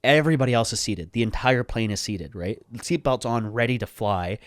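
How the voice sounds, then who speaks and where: A man telling a story on a podcast, animated, swearing freely and acting out the people in it. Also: mid-range voice, brisk, no room sound, clean studio sound. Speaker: podcast guest. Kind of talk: casual storytelling.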